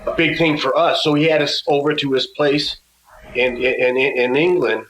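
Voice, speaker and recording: Man guest, lively storyteller, slightly high voice, quotes people with voices, roomy room sound. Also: normal speed. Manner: animated, acts out other people's lines in his stories. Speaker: musician guest. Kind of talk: casual interview storytelling.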